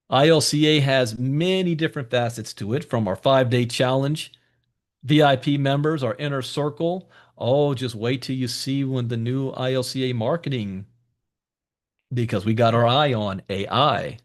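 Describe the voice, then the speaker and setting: A man with a mid-range voice, neither high nor low, hosts a coaching call. He talks in an emphatic, motivational way and repeats his main points. He speaks right at his listeners, as if pushing them to act. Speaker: host of a crypto education call.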